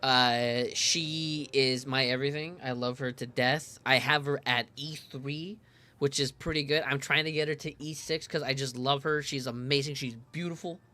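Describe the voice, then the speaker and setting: A man giving casual, excitable game commentary, chatty and full of fillers, laughing often. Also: mid-range voice, moderate pace. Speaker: game streamer.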